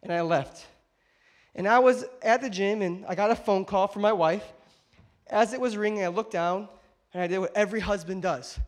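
Male pastor, high voice, lively and jokey storyteller preaching to his church. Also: normal speed. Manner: animated, jokey storyteller who addresses the congregation directly. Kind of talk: sermon with personal storytelling. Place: church auditorium.

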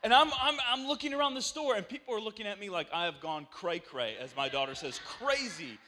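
High, bright-voiced pastor preaching playfully. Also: male voice, brisk, slight background noise. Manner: animated, joking, breaks into loud shouts. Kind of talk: lively storytelling sermon. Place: church sanctuary.

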